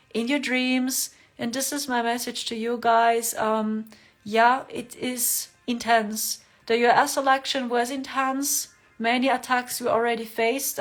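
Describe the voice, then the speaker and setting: Brief: woman livestream host, gentle repetitive delivery, slightly high voice. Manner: gentle, repeats words for emphasis. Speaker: livestream host giving spiritual readings. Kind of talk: casual livestream chat.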